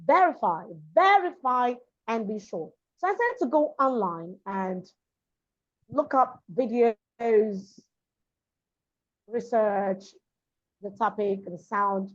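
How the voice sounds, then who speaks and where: A woman's voice: on the high side, lively intonation, slow pace. A Nigerian woman who grew up in Lagos, a diction and public speaking coach, explaining things emphatically and repeating her key points in an interview. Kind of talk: interview conversation. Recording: dull lo-fi sound.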